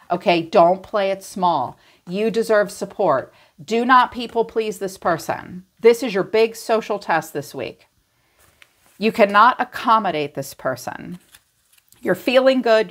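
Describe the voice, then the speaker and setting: Blunt, chatty woman tarot reader. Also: medium pitch. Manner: blunt, chatty, teasing, full of "like". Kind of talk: casual tarot reading to viewers.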